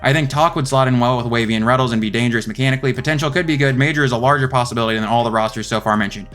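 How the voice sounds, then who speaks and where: A young man talks quickly through his rankings in a loose, rambling way, stopping to correct himself mid-thought. His pitch sits in the middle range for a man. Faint guitar music plays under his voice. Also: fairly bright tone. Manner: rambling, thinks aloud with many self-corrections. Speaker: esports video host. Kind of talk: casual commentary ranking rosters.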